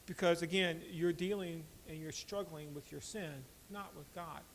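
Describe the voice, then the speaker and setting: A man preaching a sermon as pastor, swinging between loud emphatic lines and quiet asides, asking the congregation direct questions. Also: fairly high pitch, steady tone, moderate pace, noisy background.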